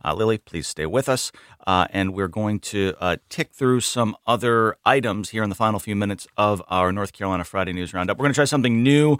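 A male radio co-host steering a weekly news roundup, his voice sitting low. He talks in a loose, conversational way, dotted with "uh" fillers. The studio sound is dry and close. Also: a little fast, clear, resonant tone, no echo. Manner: relaxed, conversational, many "uh" fillers.

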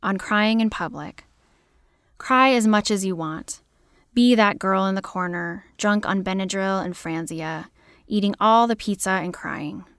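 A woman poet reading her own poems aloud in a measured, deliberate way. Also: medium pitch, a bit bright, no echo, clean studio sound. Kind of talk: poetry reading.

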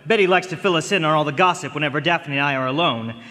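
A man's voice: fairly high pitch, quick pace, sharp tone, long reverb tail. A man voicing a flustered, stammering young suitor in a radio drama. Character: nervous lovestruck young suitor.

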